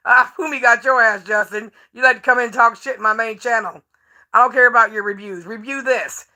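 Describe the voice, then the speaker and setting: A woman on a livestream, chatting straight to her viewers with a high, bright voice. She is brash, profane and taunting, and laughs a lot between lines. Her talk is loose and off the cuff. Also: fairly even intonation, fast. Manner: laughs often while talking. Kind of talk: casual livestream talk to chat.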